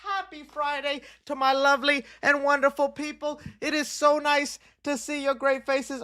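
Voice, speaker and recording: A man's voice: very high-pitched, level tone, moderate pace, hardly any pauses, sharp tone. A man around thirty hosting a casual live stream, talking in a hyped, playful, rambling way with slang, a little out of breath. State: slightly out of breath. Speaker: livestream host.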